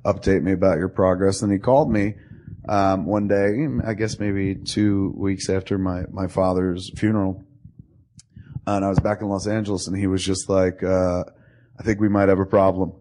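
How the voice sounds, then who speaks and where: A man with a low-pitched voice tells a story in a loose, rambling way. He swears freely and jumps into other people's voices as he quotes them. He sounds middle-aged. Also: flat delivery, moderate pace, dark tone. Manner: rambling, profane, acts out quoted dialogue. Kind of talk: casual conversation, storytelling.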